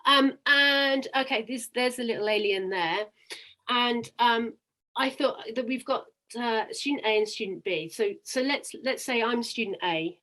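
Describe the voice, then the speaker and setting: A woman's voice: on the high side, a little slow, pushed and bright. A woman presenting a teaching webinar over a video call, upbeat and guiding the talk with questions. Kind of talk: webinar presentation and demo dialogue.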